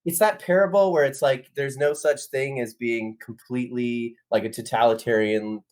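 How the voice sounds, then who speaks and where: A man's voice: mid-range voice, fairly even intonation, normal speed, darkish tone. Man from Canada, band guest in a robot persona, playful jokey chat, video call. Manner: playful, joking, chatty with frequent restarts. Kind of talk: casual livestream chat.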